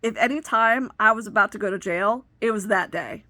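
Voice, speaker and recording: Woman in her 30s telling her story, bright voice, fired up and indignant, dry close sound. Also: medium pitch, fairly quick, no echo. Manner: emotional, indignant retelling. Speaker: vlogger. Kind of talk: personal storytelling.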